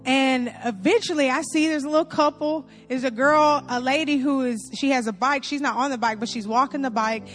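A woman from Louisiana telling a funny story to an audience, animated, laughing often and calling her listeners y'all. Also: sits high, a little fast, few pauses, soft background music.

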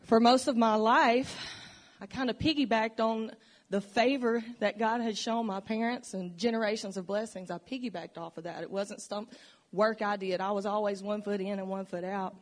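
Woman, church testimony, earnest and emotional, reflective storytelling, mid-pitched voice. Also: steady tone, normal speed. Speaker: church member giving testimony. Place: church sanctuary.

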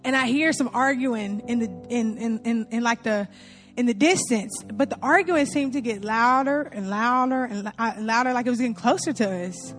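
Woman, high voice, animated comic storyteller, talks to audience as y'all, faint music behind. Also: moderate pace. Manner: animated, addresses audience as y'all, laughs often.

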